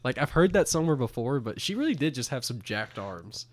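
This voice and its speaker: A young man co-hosts a podcast in loose, casual chat, circling around his point with plenty of likes and frequent laughter. His voice sits at an ordinary middle pitch for a man. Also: sing-song, brisk. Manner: rambling, laughs often, many likes. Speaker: podcast co-host.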